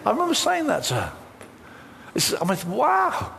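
Lively pastor preaching. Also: male voice, very high voice, normal speed, creaky, a little hiss or hum. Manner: animated storytelling with quoted dialogue. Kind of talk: sermon.

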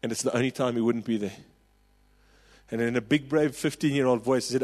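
A South African man in his forties preaching a sermon, telling a personal story with passion and rising to loud calls. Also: mid-range voice, brisk, in a large hall. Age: 40s. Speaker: pastor.

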